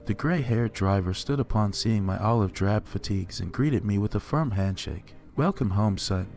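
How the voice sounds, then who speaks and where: A man narrating a horror story in a steady, measured first-person telling. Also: fairly low pitch, gravelly, soft background music.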